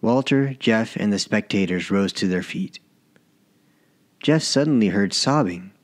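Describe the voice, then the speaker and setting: A man narrating his own short story as an audiobook, in a measured, even reading. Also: on the low side. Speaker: author and narrator.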